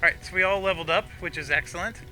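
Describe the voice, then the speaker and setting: A middle-aged man talks through his gameplay in a very bright, clear-toned voice that sits a little high for a man. He thinks aloud in an easygoing way, with small restarts, while faint game music plays behind him. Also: rapid-fire. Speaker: gameplay commentator. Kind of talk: casual let's-play commentary.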